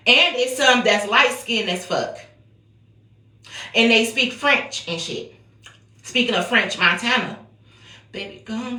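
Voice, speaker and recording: A woman's voice: fairly high pitch, bright, forceful tone. Blunt, profane woman in an echoey room. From United States. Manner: profane, blunt, chatty, sing-song refrain. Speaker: psychic reader. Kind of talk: casual intuitive-reading vlog.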